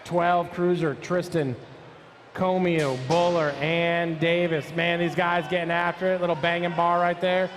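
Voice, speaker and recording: A man whose voice is a little high announces a live BMX race in a flat delivery, soft background music playing. He speeds through rider names, numbers and nicknames as they hit the track.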